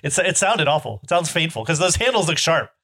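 A man chatting casually on a podcast, halting and correcting himself often. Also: fairly high pitch, big pitch swings, bright, forceful tone. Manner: fast, halting, self-correcting. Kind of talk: casual chat.

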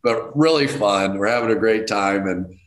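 Animated middle-aged man, roomy sound. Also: normal speed. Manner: animated, jumps to high excited outbursts; self-deprecating. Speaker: guest. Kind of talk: casual anecdote telling. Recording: roomy echo.

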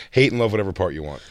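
Guy with a lowish voice cracking crude jokes on a podcast, close dry mic. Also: creaky, no room sound. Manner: teasing, crude joking. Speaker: podcast host. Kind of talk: casual podcast banter and ad reads.

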